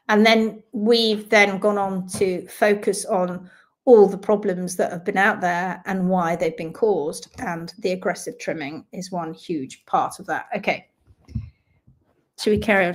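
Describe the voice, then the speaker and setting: A woman hosting a live stream, chatting casually as she greets viewers and reads out their comments. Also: medium pitch. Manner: lively and talkative, with quick asides. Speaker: host of a live stream on hoof care.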